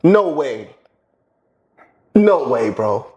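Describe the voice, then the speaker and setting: A man's voice: medium pitch, sing-song, drawn-out words, a little mellow, muffled recording. A man co-hosting a casual reaction chat, emphatic and slangy, repeating his points. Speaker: co-host.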